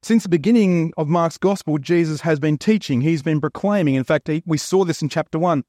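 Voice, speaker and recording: Chatty Australian pastor with a higher voice. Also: male voice, a little fast, a little mellow, dry recording, studio quality. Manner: chatty, joking storyteller. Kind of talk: sermon.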